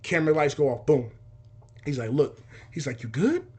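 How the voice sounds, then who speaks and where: A man's voice: mid-range voice, moderate pace, slightly rough. A young man casually telling a story from his childhood, acting out dialogue with sound effects. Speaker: podcast host telling a story.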